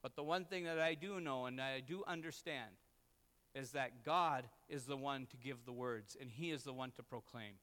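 A man's voice: fairly high pitch, bright, forceful tone, in a large hall. A man, preaching a sermon as a pastor and telling a personal story in an earnest, self-deprecating way.

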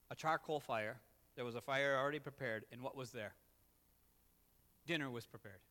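A man preaching a sermon, telling a scripture story with animated swings between loud excitement and quiet, earnest emphasis. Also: mid-range voice, big-room sound. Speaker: pastor.

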